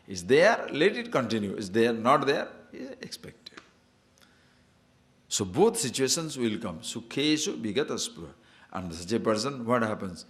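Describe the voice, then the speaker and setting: Man, spiritual teacher, lively anecdotal discourse, laughs at his own stories, medium pitch. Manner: anecdotal, asks listeners to see and understand.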